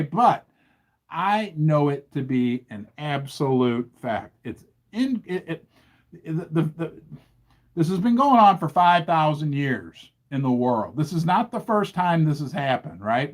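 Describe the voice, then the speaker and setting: A man hosting a livestream, talking in an animated, indignant way and firing questions at his audience. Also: high-pitched. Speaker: host. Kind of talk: livestream commentary.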